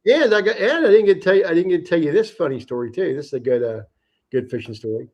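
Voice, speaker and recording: Salty, animated man telling a story. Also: fairly high pitch, quick pace, muffled recording. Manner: animated, profane anecdote-telling. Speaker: livestream host. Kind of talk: casual storytelling.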